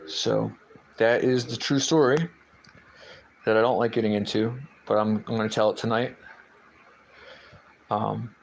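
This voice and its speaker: A man's voice: lowish voice, steady tone, measured pace, creaky, pauses often, a little hiss or hum, poor audio. Rambling man hosting a livestream. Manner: rambling, hesitant, lots of fillers and restarts. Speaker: livestream host. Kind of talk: casual chat, reading out viewer comments.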